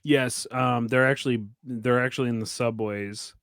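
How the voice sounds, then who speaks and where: A man with a mid-pitched voice co-hosting a movie podcast. He drops deadpan jokes and murmurs agreement while the others talk, and the recording is dry and close. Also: moderate pace, vocal fry, dry recording. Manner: deadpan joker, agreeable backchannels. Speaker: podcast co-host. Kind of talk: casual movie-review chat.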